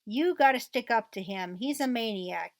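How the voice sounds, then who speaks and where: A woman's voice: on the high side, lively intonation, moderate pace, no room sound. A woman reading the lines of a bitter, ranting divorced mother from a transcript, in a mostly plain reading voice with little acting. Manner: reads quoted rant aloud in a mostly plain voice.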